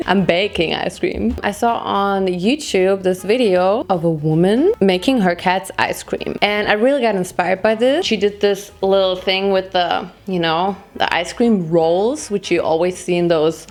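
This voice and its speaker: A woman's voice: mid-range voice, expressive, measured pace. A young woman with a German accent chatting through a casual cooking vlog, giggling and making jokey asides. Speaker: vlogger.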